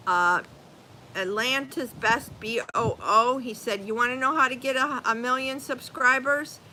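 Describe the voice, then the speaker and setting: Chatty older woman with a bright voice. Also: high-pitched, measured pace, slight background noise, rough recording. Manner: chatty, spells names letter by letter. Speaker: channel host reading viewer comments. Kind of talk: casual live-stream chat. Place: outdoors, rain and breeze.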